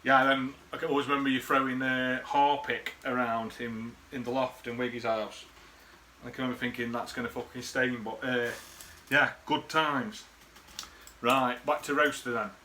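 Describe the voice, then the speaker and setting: A man's voice: medium pitch, level tone, normal speed, sharp tone, a little hiss or hum. A man, rambling through casual, sweary memories in a laddish way to the camera. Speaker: vlogger. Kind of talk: casual reminiscing monologue.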